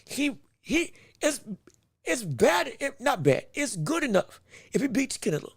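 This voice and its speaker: A man hosting a live boxing podcast stream, talking excitedly, laughing, restarting his sentences and calling out greetings to viewers in chat. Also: very high-pitched, a little slow, gravelly, husky, no room sound, studio quality. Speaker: podcast host.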